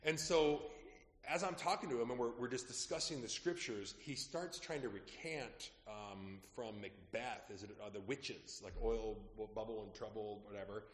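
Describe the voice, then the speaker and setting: A man preaching as a pastor, telling stories in a lively, conversational way that drops quietly at asides. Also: on the low side, moderate pace. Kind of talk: sermon storytelling. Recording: echoey hall with long reverb.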